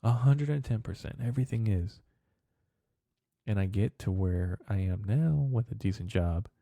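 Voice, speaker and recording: A man in his twenties with a low, very dark and mellow voice talks on his podcast. He rambles in a loose, profane way, full of "bro" and "dude". The sound is dry and close, with no room around it. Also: creaky, no room sound. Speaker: podcast host. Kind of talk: casual rambling monologue.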